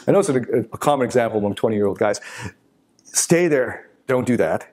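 A man's voice: mid-range voice, animated, normal speed, a little mellow. A middle-aged man giving a live motivational talk. He is blunt and swears freely, and he breaks into little performances of the people he quotes. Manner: blunt, profane, acts out quoted voices.

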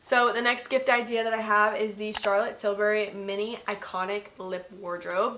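A woman's voice: mid-range voice, fairly bright tone, a little hiss or hum. A young woman in her twenties chatting casually in a gift-guide vlog from her bedroom, saying "like" a lot. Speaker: vlogger. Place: bedroom at home. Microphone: vlog camera.

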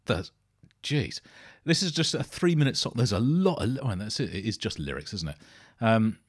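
Male reaction host, deep husky voice, excitable casual commentary. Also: moderate pace. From United Kingdom. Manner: enthusiastic, exclaiming.

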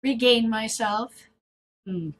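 This vlog host, a middle-aged woman with a somewhat high voice, speaks slowly as she talks casually to the camera, laughing a lot and hopping between topics. The recording is rough.

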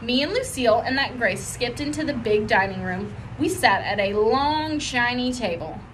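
Bright, high-voiced woman reading a story. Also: normal speed, slight background noise. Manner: lively, expressive reading. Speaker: audiobook reader. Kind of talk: storybook read-aloud.

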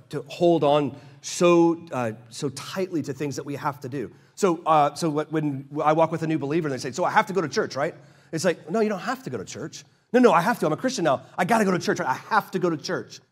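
A man preaching a sermon as pastor, casual and conversational, acting out both sides of dialogues and slowing down to read scripture. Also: a little high. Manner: slows down and drops quiet to read scripture.

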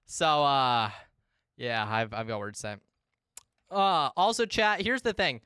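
A woman in her twenties, chatting casually and excitably with viewers while streaming a game, swearing freely. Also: rumbling low, a little slow, clear, resonant tone, dry recording, clean studio sound. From United States. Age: 20s. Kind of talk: casual live-stream chat.

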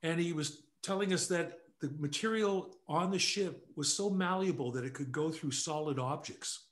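An older man from Canada, a guest telling anecdotes casually, animated and quick to laugh. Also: a little high. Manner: animated storyteller who acts out quotes, laughs often. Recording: echoey room.

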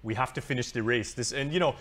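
A man's voice: mid-range voice, a bit bright. A man hosting a TV talk show, interviewing guests in a casual, joking way. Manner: fast-talking, joking with guests.

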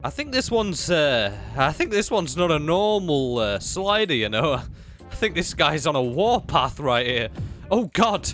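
A young man narrates his game as he plays, excitable and chatty, talking straight to the creatures on screen. His slightly high voice swoops widely, from low mutters up to sudden yelps. Faint music plays behind him. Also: unhurried. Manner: excitable, talks to enemies and pets, swings from low mutters to high exclamations. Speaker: gaming YouTuber. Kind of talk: live gameplay commentary.

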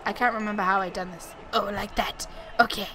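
A woman's voice: medium pitch, steady tone, a little fast. Woman playing a game and rambling to herself, lots of oh's and what's, cheering crowd sounds in the back. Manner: chatty, exclaiming, talks to herself while playing. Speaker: gaming YouTuber. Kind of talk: casual let's-play commentary. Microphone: desktop USB mic.

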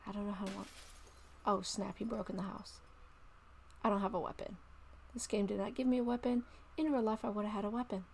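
A woman's voice: mid-range voice, fairly even intonation, fairly quick, gravelly, long pauses, darkish tone, slight background noise. A middle-aged woman giving jumpy commentary while playing a horror game at home, talking to herself and dropping to whispers when tense.

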